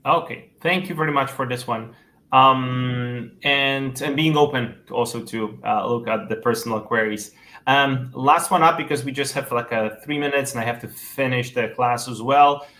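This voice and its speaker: A man's voice: mid-range voice, steady tone, normal speed, sharp tone. Man hosting an online class, echoey. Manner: friendly, thanking and wrapping up. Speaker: webinar host.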